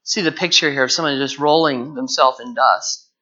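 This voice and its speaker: A man's voice: medium pitch, normal speed, bright, forceful tone. A man teaching a Bible lesson verse by verse, explaining the text in an earnest, explanatory way and drawing out key words. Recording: dull lo-fi recording.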